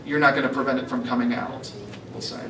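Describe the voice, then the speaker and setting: A man's voice: mid-range voice, level tone, quick pace, far from the mic, noisy background. A man presenting at a live health event, chatting casually with fillers and laughing at his own jokes. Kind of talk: casual talk to a live audience, telling jokes. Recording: echoey hall, voice from afar, crowd behind.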